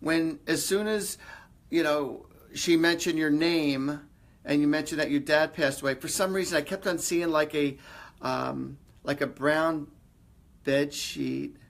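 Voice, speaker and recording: A man's voice: on the high side, steady tone, a little slow, creaky. A man hosting a live stream, giving psychic readings in a rambling, conversational way with lots of fillers. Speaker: psychic medium host.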